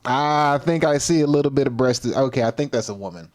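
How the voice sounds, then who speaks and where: A man's voice: mid-range voice, a little fast. A man hosting a casual livestream, talking loosely in slang and reacting to clips and comments as he goes. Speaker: livestream host.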